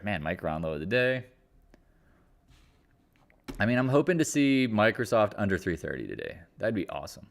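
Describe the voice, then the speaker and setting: Low-voiced man chatting about markets. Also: very animated, normal speed, vocal fry, pauses often. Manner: rambling, joking, offhand, profane. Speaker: stock market livestream host. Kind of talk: casual live market chat.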